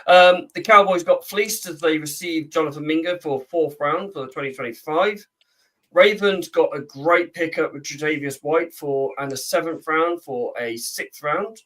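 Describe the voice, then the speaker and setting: A chatty man from the UK, reading out the week's news with plenty of ums and uhs. His voice sits a touch high and comes from a little way off the mic. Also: moderate pace, fairly bright tone, far from the mic, low-quality recording. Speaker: podcast co-host reading the trade news. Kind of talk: casual chat.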